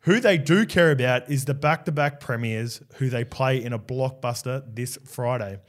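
A man's voice: mid-range voice, normal speed. An Australian man co-hosting a casual podcast chat, easygoing and prompting his co-host, with hesitant restarts.

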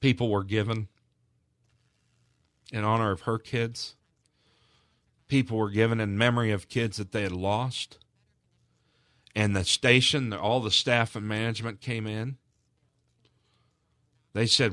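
A man's voice: on the low side, steady tone, a little slow, pauses often, fairly bright tone, no room sound, clean studio sound. A man speaking as a guest on a charity radio broadcast, telling a heartfelt story in an earnest, emotional way with frequent restarts.

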